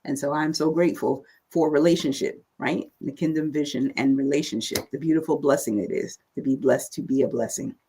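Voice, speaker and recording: A woman's voice: low-pitched, fairly even intonation, a little fast, few pauses, warm tone, slight background noise. A woman guest speaking earnestly and encouragingly in a church-minded conversation. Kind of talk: casual chat.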